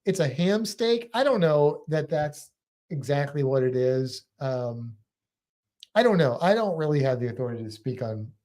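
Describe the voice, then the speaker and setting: A man's voice: on the high side, mellow. An American man co-hosting a casual live stream, chatting and laughing as he answers viewer comments. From United States. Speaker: livestream co-host.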